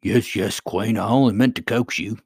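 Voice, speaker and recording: A man's voice: on the low side, moderate pace, breathy edge, no echo, studio quality. A man voicing a pompous, henpecked goblin king who speaks with dignity. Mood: dignified. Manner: dignified yet pleading.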